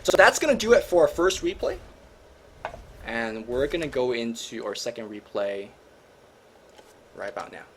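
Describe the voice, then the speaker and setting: A man hosting a gaming show, commentating replays in an energetic, joking, slangy way. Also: medium pitch, normal speed, long pauses, a little hiss or hum. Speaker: host and caster.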